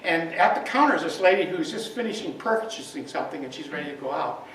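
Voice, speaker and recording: A male minister telling a story in his talk, animated and full of fillers, at a spiritual center. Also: on the high side, fast. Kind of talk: sermon storytelling. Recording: echoey hall, far from the mic, faint noise.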